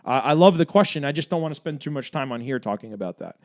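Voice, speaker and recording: A man hosting a livestream, reading viewer comments aloud and answering them in an energetic, argumentative way, with many fillers. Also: mid-range voice, fast talker. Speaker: livestream host for a gun rights group.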